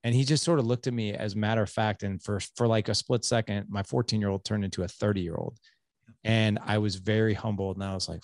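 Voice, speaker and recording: Dry, low-voiced man in his forties. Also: fairly quick, no echo. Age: 40s. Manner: candid, animated storytelling with self-deprecating humor. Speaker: podcast host. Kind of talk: conversational interview storytelling.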